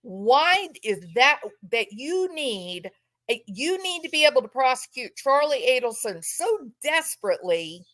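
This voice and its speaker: A woman giving impassioned true-crime commentary from home, repeating phrases for emphasis and mock-quoting others. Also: a little high.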